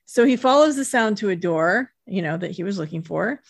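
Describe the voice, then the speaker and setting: Relaxed woman co-hosting a podcast. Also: medium pitch, a little fast, creaky, no room sound, clean studio sound. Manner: relaxed conversational, frequent backchannel agreement. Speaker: podcast co-host. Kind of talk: casual episode recap chat.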